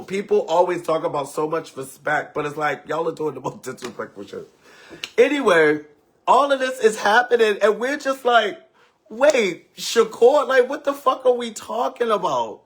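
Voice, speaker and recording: Animated husky-voiced man telling a story. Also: sits high. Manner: dramatic, profane, swings between loud outbursts and hushed asides. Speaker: livestream host telling a story.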